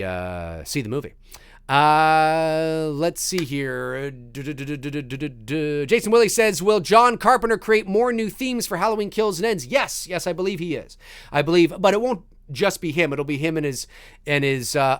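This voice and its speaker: A man's voice: on the high side, no echo, clean studio sound. A man hosting a casual live stream, rambling through viewer questions with many restarts and reading chat messages aloud. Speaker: voice actor. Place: home recording studio.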